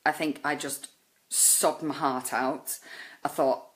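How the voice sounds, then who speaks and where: A woman's voice: deep voice, fairly even intonation, slow. A woman, earnestly telling a personal story with many fillers. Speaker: life coach.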